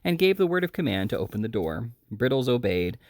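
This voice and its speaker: A man reading a classic novel aloud as an audiobook, lively and expressive, with small slips and restarts. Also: medium pitch, a little fast, no room sound. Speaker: audiobook reader.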